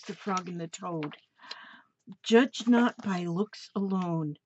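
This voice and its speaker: Slow, gushing older woman on lo-fi audio. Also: lowish voice, darkish tone, a little hiss or hum. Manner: gushing, gasping with delight. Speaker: crafting vlogger. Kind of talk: casual mail-opening chat. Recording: dull lo-fi home recording.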